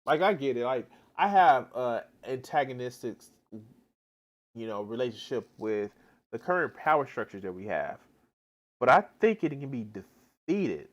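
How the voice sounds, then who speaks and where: A man streams his reactions, swearing heavily and restarting his sentences as his pitch swings up and down. His talk is rambling and exasperated. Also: big pitch swings, normal speed. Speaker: live streamer. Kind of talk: profane reaction commentary.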